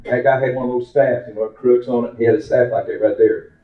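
Folksy preacher in an echoey church. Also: male voice, mid-range voice, fairly even intonation, fast, a little hiss or hum. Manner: folksy, rising to fervent exclamations. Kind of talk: storytelling sermon. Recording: roomy, dull lo-fi church recording.

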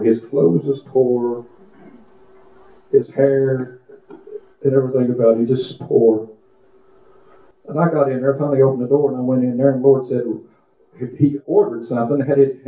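Fervent preacher man, tinny echo. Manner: fervent, prays aloud with rising pitch, folksy storytelling. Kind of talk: testimony sermon. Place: church service. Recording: echoey room over a tinny phone-like line.

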